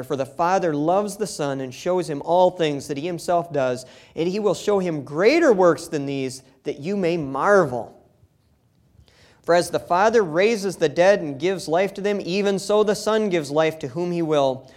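A man's voice: fairly high pitch, darkish tone. A male pastor delivering a sermon in a folksy, emphatic way. He reads scripture passages aloud and breaks into plain-spoken, down-to-earth asides to the congregation.

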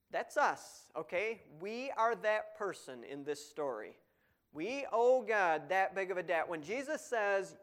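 Guy preaching a sermon, slightly high voice, hits words hard then drops to chatty asides. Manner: emphatic, swings between loud stress and quiet asides; reads scripture aloud, then explains it conversationally. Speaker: pastor.

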